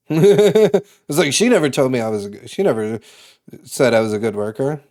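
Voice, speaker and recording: A young man from Massachusetts chats casually on a livestream in a mid-pitched voice. His talk rambles and restarts, peppered with swearing and easy laughter. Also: lively intonation, moderate pace, a little mellow. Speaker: streamer.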